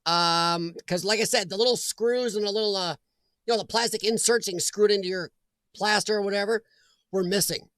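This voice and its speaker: A chatty host runs a casual livestream from home, greeting viewers by name and often breaking into laughter. The voice is mid-range, fairly bright and a little fast, sounding dry and close with no room echo.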